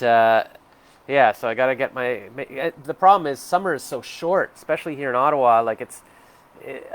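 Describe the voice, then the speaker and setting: A man's voice: medium pitch, slight background noise. A man in his forties talking to the camera from home in a rambling, hesitant, self-reflective way. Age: 40s. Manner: rambling, hesitant, full of fillers. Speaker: vlogger. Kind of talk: casual self-reflective monologue.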